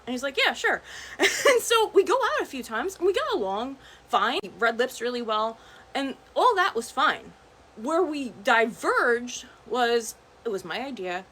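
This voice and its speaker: A young adult woman telling a chatty, animated dating story, vlog style, full of "like" and "right?". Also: on the high side, slight background noise. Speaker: vlogger.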